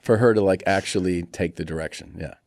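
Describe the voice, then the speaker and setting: Speaking with a deep voice and vocal fry at a fairly quick pace, this forties-aged comedian guest spins funny family tales in a casual interview. He animates each story by performing the quoted voices, and the studio sound is clean with no room sound.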